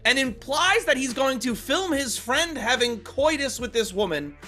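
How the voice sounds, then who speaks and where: A high-pitched man with a bright, ringing voice recaps a movie for a podcast. He talks with a lot of swing in his pitch and tosses in sarcastic asides. Faint music plays underneath. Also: very animated, moderate pace. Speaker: podcast co-host recapping a film. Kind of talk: casual podcast chat.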